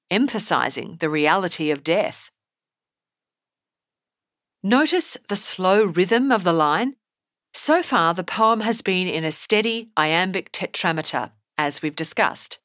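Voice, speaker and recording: A woman narrates a poetry lesson in a slow, deliberate, explanatory manner. Her voice sits a little low, and the recording is dry and close with no room sound. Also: fairly bright tone, dry recording. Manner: measured, explanatory delivery. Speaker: poetry teacher. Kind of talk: scripted narration.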